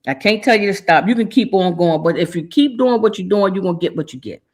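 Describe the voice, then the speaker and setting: A woman's voice: mid-range voice, expressive, quick pace, a little mellow. Woman talk host, emotional and churchy, heartfelt community sign-off. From Maryland, USA. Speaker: show host. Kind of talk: casual talk show sign-off.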